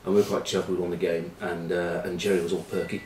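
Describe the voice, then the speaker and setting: A man's voice: deep voice, level tone, fast, a little mellow, a little hiss or hum. A man, a former rugby player, chatting casually as a pundit and telling loose anecdotes full of ums and uhs. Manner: rambling storyteller, full of ums and uhs, dry banter. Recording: roomy, from a distant mic.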